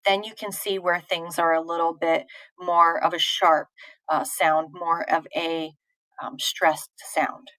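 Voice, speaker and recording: Woman teacher, slow and patient, lowish voice, informal, fillers, dry room. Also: level tone, a bit bright, dry recording, rough recording. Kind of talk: live online poetry lesson answering chat questions.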